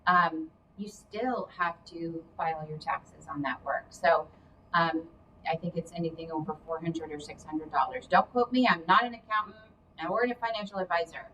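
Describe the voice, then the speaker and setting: A woman's voice: lowish voice, fairly even intonation, moderate pace, sharp tone. A woman giving casual career and money advice in a chatty, explanatory way, adding hedging asides. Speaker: career coach guest. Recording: distant mic with faint background noise.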